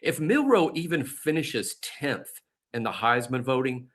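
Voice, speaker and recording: A man's voice: mid-range voice, very animated, a little slow, a bit bright. A man co-hosting a sports podcast, telling stories and making picks in a rambling way, full of fillers and laughs. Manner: rambling, laughs often, many fillers and restarts. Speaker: podcast co-host. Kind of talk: casual sports chat.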